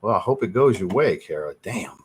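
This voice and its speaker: A man hosting a casual fragrance livestream, thinking out loud and answering viewers' chat messages as he goes. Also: on the low side, expressive, a little fast, slightly rough.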